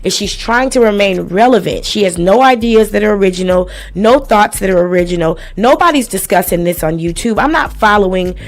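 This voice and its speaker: A woman's voice: medium pitch, brisk, few pauses. Blunt, profane woman livestream host. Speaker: live stream host. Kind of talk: live commentary on a lawsuit.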